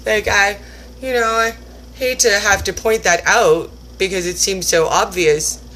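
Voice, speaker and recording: A woman of middle pitch hosts her own cooking video, chatting casually through a self-mocking story and laughing often. She moves into a home kitchen demonstration. A faint hum of background noise sits under the voice. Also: fairly even intonation, measured pace, a bit bright. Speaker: cooking channel host.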